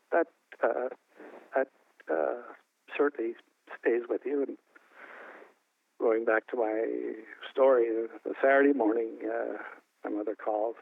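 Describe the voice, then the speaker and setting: An older man from New Brunswick, Canada, recalling a personal story in an interview, halting with many restarts. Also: medium pitch, vocal fry, dry recording, phone-quality sound. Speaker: interview guest. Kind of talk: emotional personal recollection.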